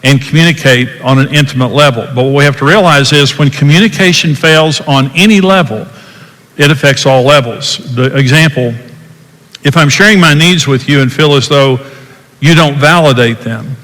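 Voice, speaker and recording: A man's voice: medium pitch, normal speed, a bit bright, big-room sound, low-quality recording. An older man giving a folksy teaching talk on marriage, repeating himself and acting out different tones of voice.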